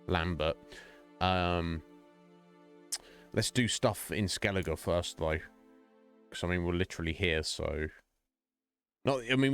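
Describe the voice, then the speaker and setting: A man with a fairly low voice chats casually through a game stream, musing aloud and meandering between thoughts. Soft game music hums faintly behind him. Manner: rambling, thinking aloud while playing. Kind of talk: casual let's-play commentary.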